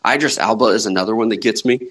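A man with a husky, slightly breathy voice hosts a casual sports podcast, rambling and joking with his co-host. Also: on the low side, fast, fairly bright tone, low-quality recording.

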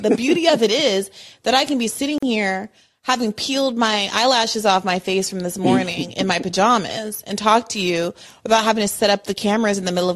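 Woman podcast host, casual chat from home, animated and rambling, lots of self-interruption. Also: medium pitch. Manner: animated, self-interrupting, swings from loud outbursts to quiet mumbling. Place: home apartment. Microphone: remote call audio.

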